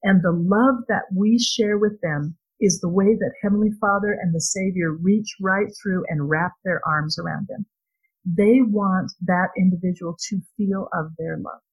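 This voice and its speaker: Middle-aged woman, husky breathy voice, low-pitched, earnest and gentle devotional talk. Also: poor audio. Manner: earnest and gentle, with small laughs and restarts. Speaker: speaker sharing a faith-based parenting talk.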